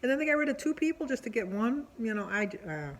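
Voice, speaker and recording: A woman's voice: fairly high pitch, very animated, fast talker, poor audio. A woman chatting casually in a diary vlog at home, rambling and chatty with plenty of fillers. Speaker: vlogger.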